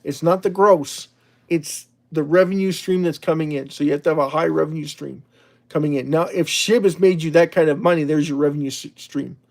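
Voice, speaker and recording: Rambling man hosting a livestream, fairly high. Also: steady tone, a little fast, gravelly. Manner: rambling, chatty, with frequent restarts and laughs. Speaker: livestream host. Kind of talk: casual livestream talk reading out chat.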